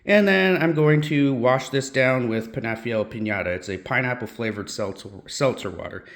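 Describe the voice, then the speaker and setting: Man, casual food review, chatty, self-correcting, middle pitch, roomy echo. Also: moderate pace, a bit bright.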